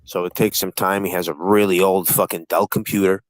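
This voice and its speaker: A man's voice: low-pitched, steady tone, brisk, hardly any pauses, no echo, rough recording. Profane, taunting livestream host man. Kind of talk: heated livestream panel chat.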